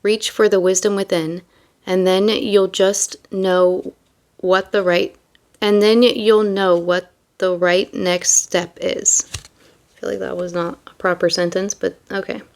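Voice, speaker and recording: A woman's voice: medium pitch, little pitch movement, slow pace, vocal fry. A young woman reading tarot and chatting casually, rambling and full of fillers between card meanings. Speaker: tarot reader.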